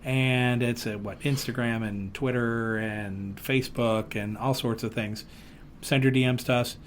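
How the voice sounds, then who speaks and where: A man hosting a casual podcast, with a pitch that sits in the middle. He talks in an animated, joking way and slips into silly voices now and then. A faint hiss of noise sits behind him. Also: measured pace. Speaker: podcast host. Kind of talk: casual chat.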